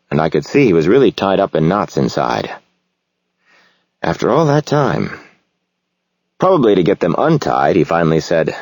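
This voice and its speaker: A man narrating a novel in the first person, reflective and measured. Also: low-pitched, darkish tone, no echo. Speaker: audiobook narrator.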